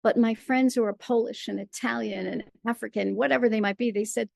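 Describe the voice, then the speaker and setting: A middle-aged American woman, a playwright and performer, telling stories in a casual interview with an animated, laughing manner. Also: medium pitch, normal speed, creaky, dry recording, studio quality. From United States. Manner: animated storyteller, laughs often.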